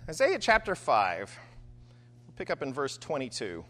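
A man preaching a sermon and reading scripture aloud, talking in an animated way with frequent "right?" asides. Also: medium pitch, normal speed.

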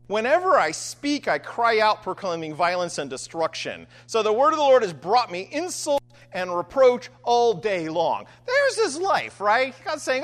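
A man preaching a sermon and reading scripture aloud, talking in an animated way with frequent "right?" asides. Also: high voice, normal speed.

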